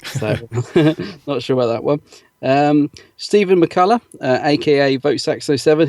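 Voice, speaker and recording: A man's voice: medium pitch, a little mellow, no echo, studio quality. A man co-hosting a podcast in a casual chat, reading out listener comments with frequent ums and little laughs. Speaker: podcast co-host.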